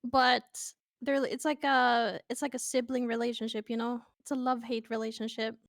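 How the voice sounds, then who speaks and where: High-voiced Swedish woman chatting playfully. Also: flat delivery, moderate pace, vocal fry, no room sound, studio quality. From Sweden. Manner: playful, chatty, swears casually. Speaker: guest on a stream. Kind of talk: casual chat with stream viewers.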